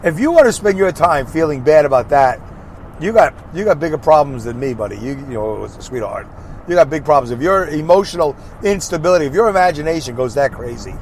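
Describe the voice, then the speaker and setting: Animated and fast-talking, with a high-ish but darkish tone, this podcast host in his sixties, a truck driver, records casually while driving. Faint car and road sounds linger as he rambles, cracks jokes, and rebuts critics he imagines.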